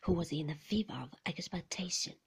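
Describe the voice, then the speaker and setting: A woman reading a classic novel aloud in a soft, half-whispered voice. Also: lowish voice, lively intonation, fairly quick, husky. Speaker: narrator. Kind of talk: storybook reading.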